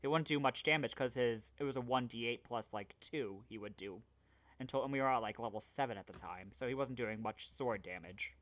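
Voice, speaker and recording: A man's voice: mid-range voice, brisk. Rambling man telling game stories. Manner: rambling storyteller, animated and loose. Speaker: podcast co-host. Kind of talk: casual chat. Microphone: video call.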